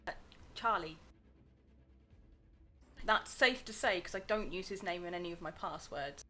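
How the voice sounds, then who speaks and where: A woman's voice: on the low side, measured pace, bright, forceful tone, soft background music. A woman chatting as co-host on a livestream, answering in a dry, blunt way. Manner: dry, blunt, laughs often. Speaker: co-host and editor. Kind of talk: casual livestream chat.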